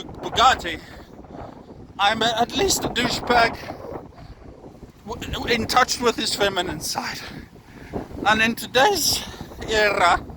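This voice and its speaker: A man in his thirties vlogging while walking on a beach, rambling in a mock-grand, jokey, profane way and a little out of breath. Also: high voice. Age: 30s. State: tired, slightly out of breath from walking. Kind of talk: casual walking vlog. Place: outdoors on a windy beach. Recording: wind noise over phone mic.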